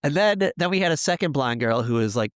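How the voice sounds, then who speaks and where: Rambling through school stories with plenty of fillers and laughter, a male podcast co-host keeps the chat casual. His voice is a little high, animated and slightly fast, captured dry at studio quality.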